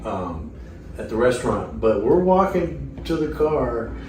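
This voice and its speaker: Man telling lively stories in a roomy space. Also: medium pitch, measured pace, distant mic, slight background noise. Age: middle-aged. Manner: animated storyteller, acts out quotes. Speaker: host, musician. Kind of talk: casual reminiscing chat.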